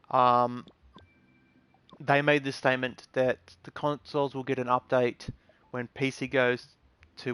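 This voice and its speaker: Male gaming vlogger, mid-pitched, rambling gripes full of ums, dead-dry close recording. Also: fairly bright tone, clear, resonant tone, no echo. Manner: rambling and aggrieved, many ums and restarts. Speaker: gaming channel host. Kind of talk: casual gaming vlog rant.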